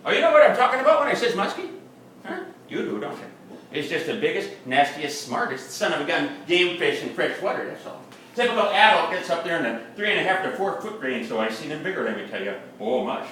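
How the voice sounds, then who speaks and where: A man's voice: on the high side, sing-song, a little fast, sharp tone, a little hiss or hum. A man playing a boastful, folksy fisherman with a Wisconsin accent, telling a comic tall tale in ungrammatical backwoods talk at a live reading. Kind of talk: comic character monologue. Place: upstairs room of a bar at a live reading. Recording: echoey room, mic far off.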